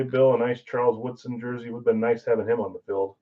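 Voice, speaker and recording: A man's voice: medium pitch, quick pace, few pauses, dark tone, lo-fi sound. Chatty man hosting a live card break. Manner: casual, chatty, talking to viewers while opening packs.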